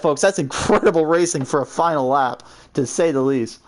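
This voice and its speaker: A man commentating a sim racing league and interviewing drivers, excitable and quick to laugh. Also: fairly high pitch, a little hiss or hum. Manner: excitable, laughs often, exclaims.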